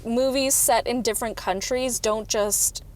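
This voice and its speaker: A woman's voice: a little high, steady tone, a little slow. A young woman co-hosting a casual movie review chat in a car, chatty and giggly, with lots of "like". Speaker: co-host of a movie review show. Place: inside a car. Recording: car noise, loud road hum.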